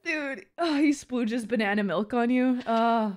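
A woman's voice: on the high side, measured pace. A woman hosting a casual chat stream, playful and teasing, often flustered, now and then slipping into a mock posh accent. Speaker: streamer host.

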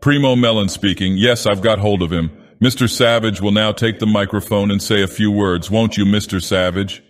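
A man's voice: on the low side, fairly even intonation, normal speed, close to an everyday voice. A man doing a pushy, fawning young reporter. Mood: eager. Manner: ingratiating, pushy. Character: eager, smooth-talking young male reporter.

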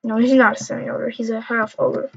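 Young girl gamer drawling along, kinda high voice, muffled lo-fi mic, mumbling and trash talking. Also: flat delivery, moderate pace, husky. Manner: rambling, mumbling to herself, jokey trash talk. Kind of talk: casual gameplay commentary. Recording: dull lo-fi recording.

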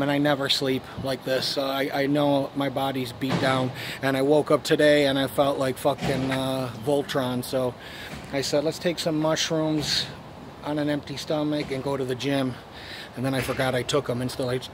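A man's voice: medium pitch, noisy background. A man from Buffalo, New York, ranting to his channel's viewers in a rambling, profane way, repeating himself and restarting. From Buffalo, New York, USA. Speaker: channel host. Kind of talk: rambling vlog rant.

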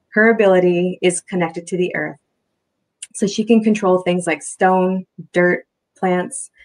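Woman author, book reading, first-person narration, low voice, gravelly fry. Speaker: author reading her novel.

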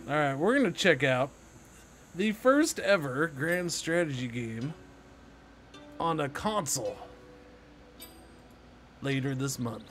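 A man's voice: on the high side, sing-song, measured pace, long pauses, a bit bright, soft background music. Chatty man streaming a strategy game. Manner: chatty, self-talking, sarcastic asides to chat. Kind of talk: casual live-stream gameplay commentary.

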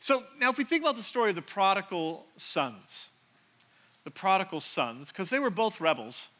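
A man's voice: high voice, very animated, moderate pace, pushed and bright. A man around sixty preaching a conversational sermon from a church stage, joking and self-deprecating, often restarting his sentences. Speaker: pastor.

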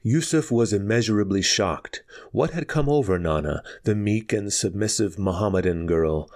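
A man narrating a pulp story aloud in a measured, dramatic reading. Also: fairly low pitch, darkish tone. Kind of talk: audiobook narration.

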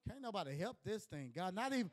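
A man preaching a sermon as pastor, emphatic, swinging from shouting to hushed lines with colloquial asides to the congregation. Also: sits high, very animated, quick pace, rough recording.

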